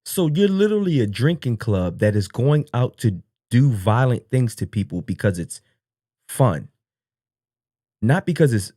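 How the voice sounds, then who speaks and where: A man's voice: lowish voice, mellow, no echo, studio quality. A man hosting a livestream, reacting to a clip with incredulous, mocking commentary and many repeated words. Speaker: livestream host reacting to a video.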